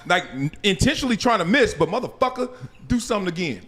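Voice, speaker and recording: A man hosting a podcast, talking in a casual, animated way and swearing freely. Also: high-pitched, quick pace. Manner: animated, swears freely, acts out voices of others. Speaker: podcast host. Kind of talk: casual chat.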